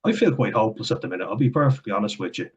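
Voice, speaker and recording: Irish man, low pitch, husky tone, blunt heated rant, heavy swearing, home vlog. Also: animated, very fast, rough recording. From Ireland. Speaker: commentator. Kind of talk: ranting vlog commentary. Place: at home, indoors.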